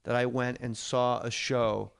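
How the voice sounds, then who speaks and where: A man with a gravelly, creaky edge to his voice hosts a comedy podcast from a studio. His pitch sits in an ordinary middle range. He tells stories casually, swears freely and acts out the people in them. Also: flat delivery, a little slow. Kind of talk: casual chat, storytelling.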